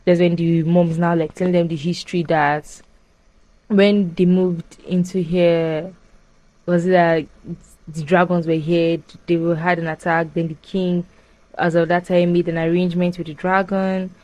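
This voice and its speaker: A young woman casually retelling a film plot as a podcast host, animated and full of fillers. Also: on the low side, normal speed, no echo, low-quality recording. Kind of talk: casual chat.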